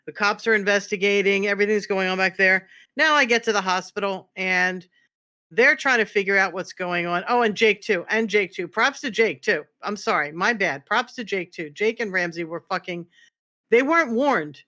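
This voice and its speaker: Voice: medium pitch, normal speed, sharp tone. A streamer casually recapping a roleplay scene with lots of swearing, restarts and emphatic repeats.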